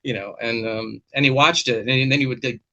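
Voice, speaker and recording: Animated bright-voiced man on a video call. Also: medium pitch, a little fast, lo-fi sound. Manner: animated storyteller, swears freely. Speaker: podcast host. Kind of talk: casual chat.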